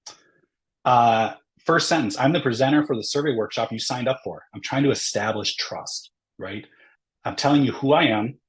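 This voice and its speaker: A man's voice: fairly low pitch, poor audio. A man presenting a webinar lesson, explaining step by step in a conversational way and often checking in with "right?" between points. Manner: conversational, frequent "right?" tag questions; explains step by step with ums and uhs. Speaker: workshop presenter. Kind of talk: webinar lecture.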